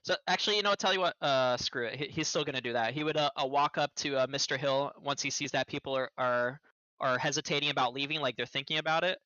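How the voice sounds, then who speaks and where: A man describing his character's actions in a tabletop game, halting with frequent pauses and restarts. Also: medium pitch, pushed and bright, clean tone, dry recording, dull audio. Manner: halting, lots of ums and restarts. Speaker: player.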